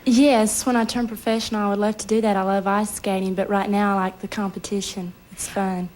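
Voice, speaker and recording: A woman's voice: medium pitch, little pitch movement, brisk, a little mellow, a little hiss or hum. A young woman contestant on a game show, polite and eager, explaining simply.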